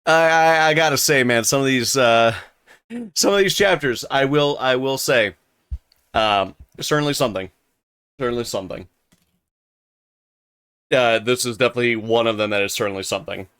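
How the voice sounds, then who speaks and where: A man's voice: mid-range voice, a little fast, a bit bright, clear, resonant tone. A young man chatting casually on a live reading stream, rambling with many restarts. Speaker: streamer narrating a novel.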